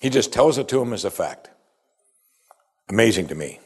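Male pastor, lively sermon delivery, slightly husky. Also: on the low side, normal speed. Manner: animated, swinging between loud exclamation and quiet asides.

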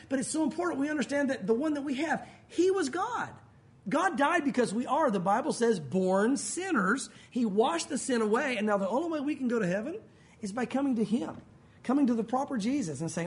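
A man, a pastor, preaching a conversational sermon and acting out the voices he quotes. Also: very high voice.

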